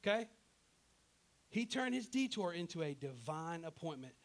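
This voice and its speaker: Animated man preaching a sermon. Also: a little high, moderate pace. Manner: animated, acts out characters in his own voice; conversational, often asks "right?". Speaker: pastor.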